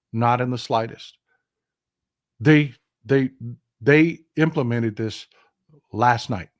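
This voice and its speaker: An older man hosting a political commentary livestream, talking with passion and emphasis, repeating phrases, and reading viewer comments aloud. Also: medium pitch. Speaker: livestream host.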